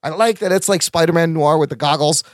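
Male podcast host, high lively voice, excitable, cursing often, dry close sound. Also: quick pace, no echo. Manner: animated, excitable, swears freely. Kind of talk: casual chat.

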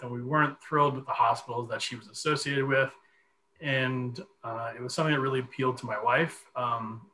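A man in his forties telling a long personal story in a podcast conversation, animated and full of fillers. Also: medium pitch, a little hiss or hum, low-quality recording. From Connecticut. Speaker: guest.

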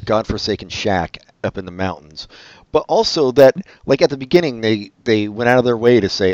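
Lively, wry man. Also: medium pitch, fairly quick, dry recording, lo-fi sound. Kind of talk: casual chat.

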